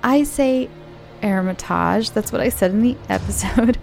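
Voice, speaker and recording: An American woman hosting a horror story podcast, chatting in a friendly, gently giggly way before reading the stories. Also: fairly high pitch, moderate pace, vocal fry, faint music behind.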